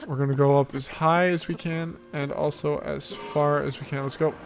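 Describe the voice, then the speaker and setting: A man's voice: on the high side, little pitch movement, normal speed, gravelly, music in the background. Man thinking aloud over gameplay. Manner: thinks aloud, repeats himself while playing. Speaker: let's play host. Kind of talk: casual gameplay commentary.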